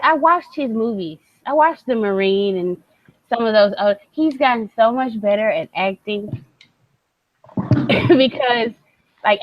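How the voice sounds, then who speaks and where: Lively young woman, dry lo-fi podcast sound. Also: on the high side, no echo. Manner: animated, laughs often, swears. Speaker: podcast co-host. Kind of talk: casual chat.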